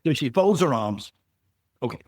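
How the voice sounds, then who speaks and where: A man's voice: medium pitch, moderate pace, dry recording, clean studio sound. A man telling a long personal anecdote as a podcast guest, acting out the people he quotes and checking in with "right?". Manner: animated anecdote teller, acts out quotes, tags lines with "right?". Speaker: guest author. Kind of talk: storytelling in a podcast interview.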